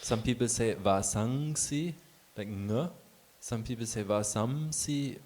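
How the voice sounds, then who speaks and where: A man in the audience, asking a question in a rushed, brisk way. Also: lowish voice, fairly even intonation, a little mellow.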